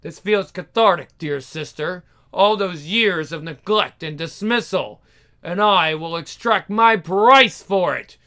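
A man's voice: high-pitched, pushed and bright, heavily acted. A man voicing a scheming, resentful young male villain who taunts his sister in a story. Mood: bitter. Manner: sneering, taunting, drawn-out delivery.

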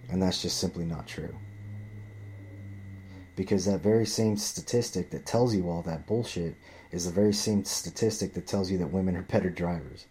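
A man's voice: sits low, moderate pace, mellow, slight background noise. A man ranting in a profane, rambling monologue, often restarting and repeating himself.

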